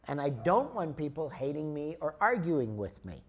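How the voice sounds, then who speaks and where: A man's voice: fairly high pitch, big pitch swings, moderate pace, few pauses, darkish tone. A man in his sixties giving a spiritual lecture, telling stories in a conversational way to explain his points. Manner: storytelling, conversational, explains with examples.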